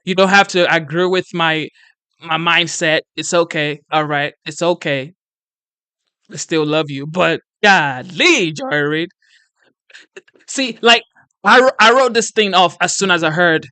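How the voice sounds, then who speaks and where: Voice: medium pitch, sharp tone, dry recording. A host giving casual reaction commentary, earnest and exasperated, sometimes preachy.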